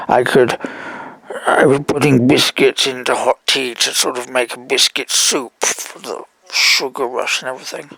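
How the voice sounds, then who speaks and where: A weak man speaks in a gravelly, low-middle voice, telling a long story with halting restarts and rambling asides. The sound is dry and close, with no room around it. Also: fairly even intonation, a bit bright, dry recording, low-quality recording. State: weak and struggling to breathe. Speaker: caller. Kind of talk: recorded phone call.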